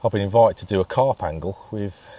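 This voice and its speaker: A man's voice: lowish voice, fairly quick, dark tone. A middle-aged man, hosting a casual interview in an easygoing way, often agreeing along. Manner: easygoing, lots of agreeing "yeah". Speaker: host interviewer.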